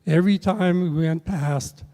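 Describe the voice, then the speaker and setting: Older guy telling a halting story, slow and mellow, echoey hall. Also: high voice, steady tone. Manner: halting, many filler pauses and restarts. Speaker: speaker sharing a memory at a memorial. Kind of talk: rambling personal anecdote. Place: event room at a memorial service. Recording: long reverb of a large hall.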